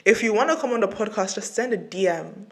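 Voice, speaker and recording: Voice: medium pitch, fast, creaky. A podcast host with a mid-range voice chats casually with a guest. The host is playful and effusive and closes out the episode on an upbeat note.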